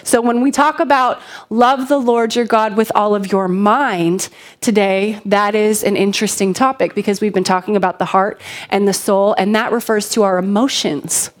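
A woman in her thirties giving a conversational sermon full of personal stories, animated and chatty, asking the congregation questions. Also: mid-range voice, moderate pace. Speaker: pastor.

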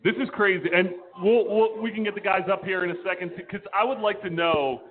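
A man's voice: high voice, a little fast. A man hosting a casual chat over beers in a brewery bar, rambling and laughing at himself. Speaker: podcast host. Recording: tinny phone-like sound.

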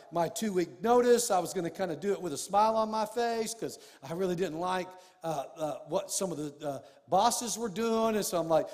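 High-voiced preacher in a reverberant hall. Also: male voice. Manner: storytelling preacher, rising to emphatic shouts. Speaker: pastor. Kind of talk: sermon. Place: church sanctuary. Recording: long reverb of a church hall.

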